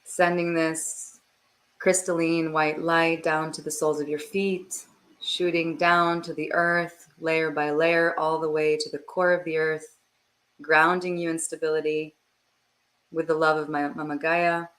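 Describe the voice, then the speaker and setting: A woman energy healer guiding a slow, soothing meditation in a hushed voice. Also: low-pitched, level tone. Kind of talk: guided meditation. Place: home, livestream.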